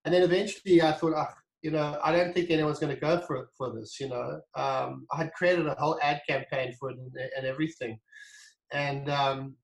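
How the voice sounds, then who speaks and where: A man telling a story as an interview guest, animated and acting out the dialogue, with frequent restarts. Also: a little high, fairly quick, vocal fry, echoey room, poor audio. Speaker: guest, wine brand founder.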